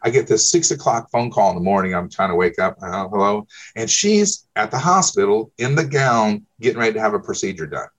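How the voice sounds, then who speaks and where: A man's voice: on the low side, lively intonation, a little fast, hardly any pauses, a bit bright. A man telling client stories as a guest, emphatic and checking in with "okay?" after his points. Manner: emphatic, peppers speech with "okay?". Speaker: insurance broker guest. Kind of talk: conversational storytelling.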